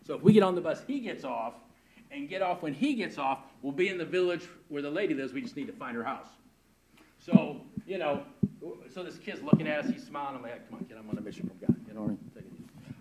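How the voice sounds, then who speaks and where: An older man's voice sits a touch high as he tells an eager, emphatic story in a roomy space with steady background noise. He stumbles over repeated words and keeps checking in with his listener. He speaks as a pastor recounting mission work. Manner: lively, emphatic, repeats words and asks "right?". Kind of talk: animated storytelling testimony.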